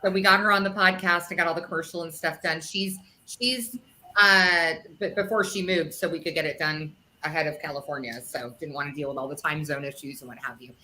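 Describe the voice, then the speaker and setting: A middle-aged woman hosting a podcast, chatty and quick to laugh. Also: low-pitched, fairly even intonation, sharp tone, a little hiss or hum. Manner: chatty, laughs easily, restarts often. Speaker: podcast host. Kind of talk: casual chat.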